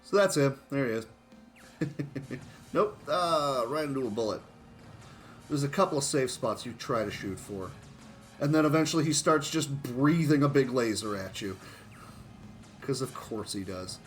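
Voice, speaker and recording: A man's voice: medium pitch, lively intonation, a little slow, pauses often, soft background music. A man giving casual, self-mocking commentary on his own speedrun of a shooter game, chuckling often.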